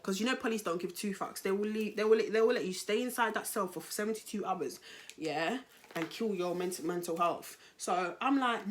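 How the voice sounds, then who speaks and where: A young woman with a London accent tells her own story straight to camera. She talks in an animated, slang-filled way, turning to her viewers as guys. Her pitch sits at an ordinary middle height for a woman. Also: brisk, slight background noise. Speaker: vlogger. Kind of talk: storytime vlog.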